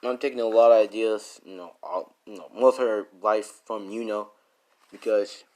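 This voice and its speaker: A man's voice: lowish voice, fairly even intonation, normal speed, a little mellow. A man telling a made-up story off the cuff, rambling and correcting himself as he goes. His speech is casual and loose, stitched together with fillers and restarts.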